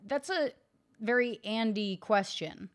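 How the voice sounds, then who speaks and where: A woman co-hosting a podcast in a studio, chatting casually and ribbing her co-host with deadpan teasing. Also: fairly high pitch, slow. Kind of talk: casual comedic chat.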